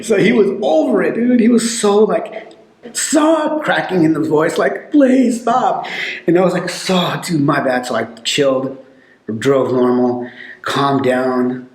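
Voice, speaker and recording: A man's voice: fairly high pitch, unhurried. Rambling man telling stories in an echoey room. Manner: rambling, animated storytelling with many fillers. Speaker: podcast guest telling stories. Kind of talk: casual storytelling.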